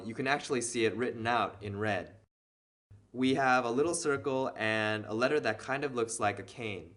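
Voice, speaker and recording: A man's voice: medium pitch, a bit bright. A man patiently explaining a beginner reading lesson step by step, as the teacher of a language video series.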